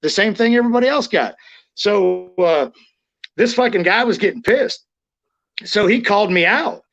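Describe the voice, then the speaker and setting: Male guest, high voice, brash and profane storyteller, dull lo-fi sound. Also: expressive, normal speed, gravelly. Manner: blunt, swears constantly, acts out quotes loudly. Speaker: interview guest, former wrestler.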